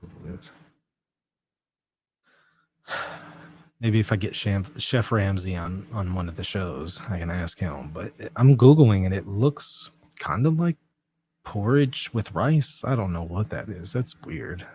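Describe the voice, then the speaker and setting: A man hosting a livestream, reading out viewer comments in relaxed, self-mocking chat and laughing often. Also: low voice, unhurried, long pauses, husky. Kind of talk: casual chat.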